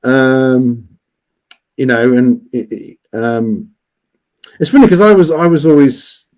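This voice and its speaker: A man chatting casually as a guest on a livestream, rambling with many restarts and fillers, talking loudly. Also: mid-range voice, takes it slowly, rough recording. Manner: says he is always loud.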